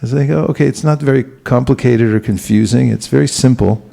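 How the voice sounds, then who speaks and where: A man giving a relaxed, conversational spiritual talk, asking the audience questions and chuckling now and then. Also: medium pitch, a little fast, vocal fry. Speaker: spiritual teacher giving a class. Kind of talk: conversational sermon.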